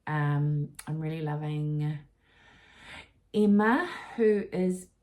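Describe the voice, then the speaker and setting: A woman's voice: low-pitched, slow, darkish tone. A New Zealand woman co-hosting a casual crafting podcast, chatty, correcting herself and laughing easily. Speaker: podcast co-host. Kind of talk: casual chat.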